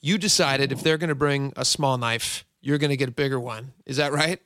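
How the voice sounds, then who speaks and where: Upbeat male radio host, bright and dry, leading questions. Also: mid-range voice, steady tone, brisk, no echo. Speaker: radio talk show host. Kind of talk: radio interview.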